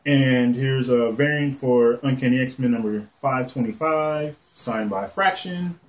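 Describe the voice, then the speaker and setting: A man casually showing off his comic collection on camera, rambling excitedly and swearing casually as he goes. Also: mid-range voice, slow pace. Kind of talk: casual show-and-tell.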